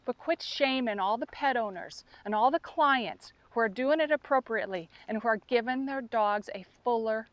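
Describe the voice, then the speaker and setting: A woman speaks straight to her listeners as a dog trainer, impassioned and openly emotional. Her voice sits a little high for a woman. The sound is dry and close, with no room echo. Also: normal speed, few pauses. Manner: impassioned and emotional, addressing critics directly. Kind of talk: direct-to-camera appeal.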